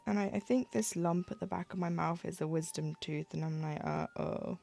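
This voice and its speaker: A woman's voice: on the low side, fairly quick, gravelly, mellow, faint music behind. A woman chatting casually on a live stream while she stitches, acting out little quoted exchanges with a self-deprecating humor.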